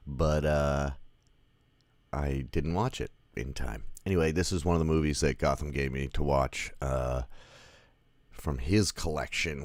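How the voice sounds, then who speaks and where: Man, very low voice, casual movie review host, rambling and chatty, lots of ums. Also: gravelly, no echo. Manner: rambling, chatty, with many fillers.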